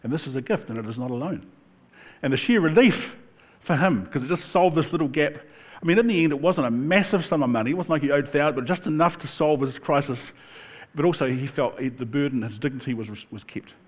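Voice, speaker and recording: A man's voice: a little high, brisk. Older man preaching in a chatty way. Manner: chatty storytelling with laughs and asides. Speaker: pastor. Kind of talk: sermon.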